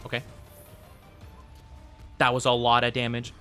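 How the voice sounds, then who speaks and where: A young man streaming a game chats casually and warmly with his live audience, rambling and using plenty of fillers. His medium-pitched voice is lively in intonation, pushed and bright, at normal speed, with soft music in the background.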